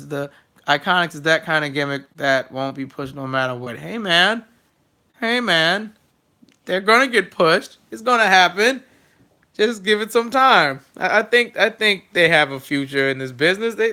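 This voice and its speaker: An excitable young man runs through a wrestling recap on his own, chatty and quick to joke like a fan. His voice sits high and sounds very bright and sharp. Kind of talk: casual solo recap.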